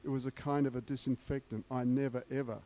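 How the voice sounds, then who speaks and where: A man's voice: mid-range voice, level tone, quick pace, mellow. A man preaching a sermon, emphatic and repeating key words for weight.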